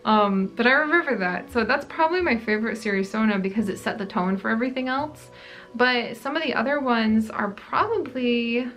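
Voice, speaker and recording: Woman vlogger, casual Q&A chat, rambling, filler-heavy, mid-pitched voice. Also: a bit bright, highs cut off. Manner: chatty, rambling, many "like" fillers. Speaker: gaming channel host.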